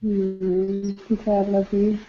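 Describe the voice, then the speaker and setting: A woman's voice: medium pitch, monotone, slow, dull audio, faint music behind. A woman speaking on a video call as a parent, passing along what her child says. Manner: relays a child's words.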